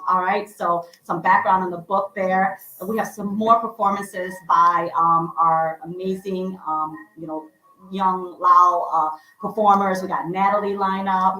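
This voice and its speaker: A woman's voice: fairly low pitch, steady tone, unhurried, bright, forceful tone. A woman co-hosting a live event, upbeat and chatty as she runs through the agenda. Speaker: co-host. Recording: echoey room with faint background noise.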